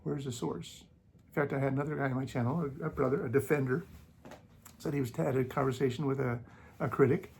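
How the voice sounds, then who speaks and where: A man's voice: mid-range voice, fairly even intonation, fast talker, creaky, a little mellow, slight background noise. A man hosting his own channel, arguing against critics in casual commentary, sarcastic and mocking, and coughing now and then. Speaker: YouTube channel host.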